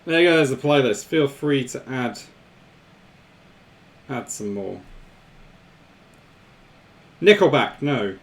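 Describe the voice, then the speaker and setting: A man's voice: mid-range voice, animated, slow, pauses often. A man hosting a live stream, chatting casually with viewers, laughing often and repeating himself.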